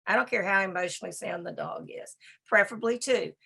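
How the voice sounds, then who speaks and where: A woman giving a presentation on dog behavior, talking in a brisk, emphatic and conversational way. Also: medium pitch, creaky, bright, forceful tone, breathy edge. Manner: talks to a slide assistant. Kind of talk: presentation lecture.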